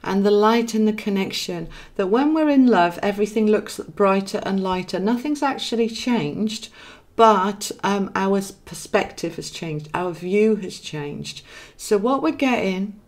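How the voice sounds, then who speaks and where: A woman's voice: medium pitch, lively intonation, unhurried. A woman with a Welsh accent giving a chatty live tarot reading, affectionately calling viewers darling and thinking aloud as she draws cards. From Wales. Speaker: tarot card reader.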